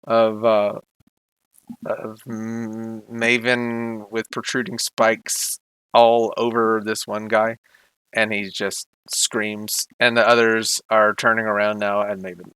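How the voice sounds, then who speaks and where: A man narrates a tabletop role-playing session as game master, pausing often with fillers. His voice is bright and a touch tense, his pace slow and halting, and the recording is close and dry. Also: on the low side, little pitch movement, smooth, dry recording, low-quality recording. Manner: hesitant, many fillers.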